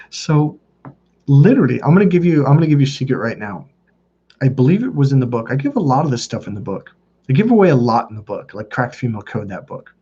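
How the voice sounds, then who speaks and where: A man's voice: mid-range voice, animated, normal speed, warm tone, husky. A middle-aged man, a dating coach, telling a story in casual, rambling talk, swearing freely and acting out the voices of the people in it. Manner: profane, rambling, acts out quoted voices. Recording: dull lo-fi sound.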